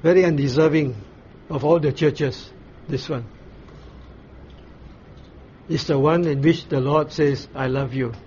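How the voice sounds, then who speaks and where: A man preaching a Bible sermon in a fairly high voice, taking his time and stopping to ask the listeners questions. The recording sounds dull and a bit muffled, with a faint hiss underneath. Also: fairly even intonation, a little mellow. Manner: explains slowly, pauses often with "uh", asks the listeners questions. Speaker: pastor.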